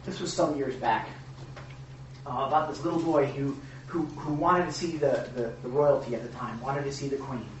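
A man's voice: mid-range voice, moderate pace, muffled recording, slight background noise. A man delivers a sermon in an easy, conversational style, looping back on himself and tossing in asides to his listeners. The sound is heavily reverberant and picked up from a distance, as though the mic hangs at the back of a large hall. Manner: conversational, rambling with restarts and rhetorical "right?". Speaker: pastor. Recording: echoey room, mic far off.

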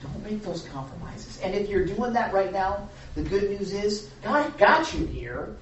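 Lively preacher, talks all over the place pitch-wise, far from mic in a big echoey room. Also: unhurried, muffled recording, slight background noise. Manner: animated, repetitive, jokey asides. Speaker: preacher leading a group Bible study. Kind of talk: informal sermon.

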